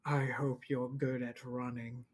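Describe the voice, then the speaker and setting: Man voicing a courtly old villain, slow, genteel, quietly menacing, tabletop game. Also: medium pitch, flat delivery, voice pushed down, close to an everyday voice. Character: old male villain, courtly then sinister.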